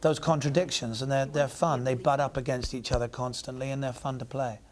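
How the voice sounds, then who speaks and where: A man's voice: mid-range voice, level tone, a little fast, darkish tone, a little hiss or hum. An English man talking about his acting work in an interview, thoughtful and often searching for his words. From England. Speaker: actor guest. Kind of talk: reflective interview answers.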